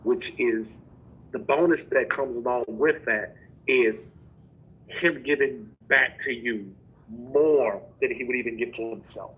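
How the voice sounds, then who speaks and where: A man giving relationship advice to women in a measured, emphatic preaching style. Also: medium pitch, slightly rough, narrow, tinny audio. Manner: measured, emphatic, building phrase by phrase. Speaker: co-host.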